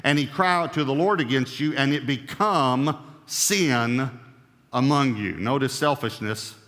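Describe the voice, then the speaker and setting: A man preaching a sermon, emphatic, with a voice that swings up and down in pitch and loudness. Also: measured pace, in a large hall. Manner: emphatic, rising and falling in pitch and volume. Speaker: pastor.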